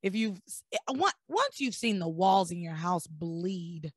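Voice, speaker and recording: Hoarse lady hosting a podcast, voice gone deep and scratchy, dry close sound, animated and jokey. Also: measured pace, no echo. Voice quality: deeper than usual. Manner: animated, joking, laughs often. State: hoarse, losing her voice. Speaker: podcast host. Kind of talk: casual chat recapping a soap opera.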